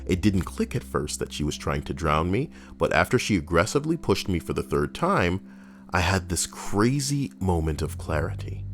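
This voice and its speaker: Very deep-voiced male streamer, reads stories aloud, cuts in with blunt, foul-mouthed commentary. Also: big pitch swings, moderate pace, fairly bright tone, soft background music. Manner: blunt, profane asides.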